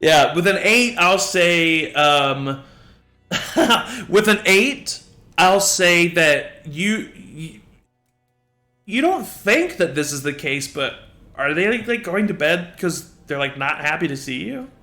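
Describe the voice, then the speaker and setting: A man running a tabletop game as game master, chatting loosely with frequent laughs and fillers. His voice sits a little high and rings in a roomy space. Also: animated, slow, sharp tone, soft background music. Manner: casual, laughing, many fillers. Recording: roomy echo.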